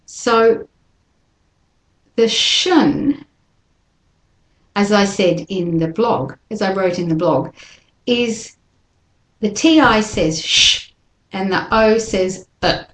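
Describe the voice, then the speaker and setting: A woman teaching English pronunciation, slowly modeling each word for listeners to repeat after her. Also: medium pitch, echoey room. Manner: slows down to model words, repeats them for listeners to copy. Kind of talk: slow, deliberate teaching with drills.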